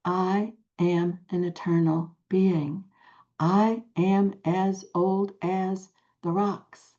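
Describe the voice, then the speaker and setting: An older woman telling a personal spiritual story to a group, slow and hushed, with long pauses and soft whispered phrases. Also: fairly low pitch, level tone, lo-fi sound. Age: 60s or older. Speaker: spiritual teacher.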